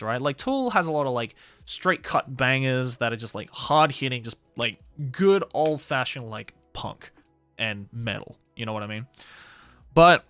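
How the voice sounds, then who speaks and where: A man's voice: mid-range voice, fairly bright tone, no echo. A young man streaming casually, rambling about music with lots of fillers and casual swearing. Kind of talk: casual livestream chat.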